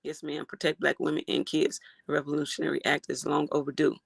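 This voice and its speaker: A livestream host reacting to a case and reading out chat comments, animated and outraged, swearing freely. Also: medium pitch, fast talker, vocal fry, breathy edge, no room sound.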